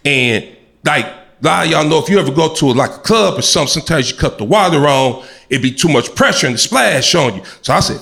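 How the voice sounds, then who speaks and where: A middle-aged man doing live stand-up comedy, an animated storyteller who shouts and acts out voices. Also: on the high side, fairly quick, vocal fry.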